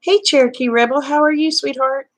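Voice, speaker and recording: A woman's voice: sits high, steady tone, a little fast. Chatty woman live-streaming. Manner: folksy and chatty, greets viewers by name. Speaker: vlogger. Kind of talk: casual live-stream chat.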